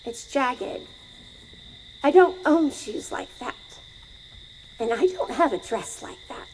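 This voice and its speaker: Middle-aged woman, high voice, live outdoor storyteller, conversational. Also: animated, slow, a little mellow, a little hiss or hum, rough recording. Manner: conversational, asks the audience questions.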